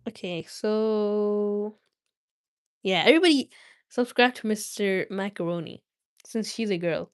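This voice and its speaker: A woman's voice: medium pitch, expressive, a little slow, clean tone, dry recording, studio quality. A woman hosting a livestream, chatting playfully with viewers between reading passages of a novel aloud. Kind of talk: casual livestream chat and read-aloud.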